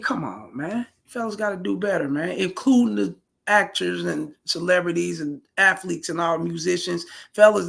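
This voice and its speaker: A man delivers a casual commentary rant, blunt and profane, repeating his points in street slang. His voice is gravelly with a husky edge. It also sits slightly high for a man. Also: fairly bright tone. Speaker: commentary vlogger.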